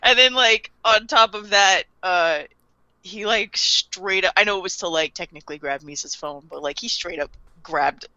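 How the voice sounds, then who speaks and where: A woman's voice: medium pitch, normal speed, bright, forceful tone, no room sound, muffled recording. A woman co-hosting a podcast, chatting casually and laughing as she acts out characters' lines while recapping an anime. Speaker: podcast co-host.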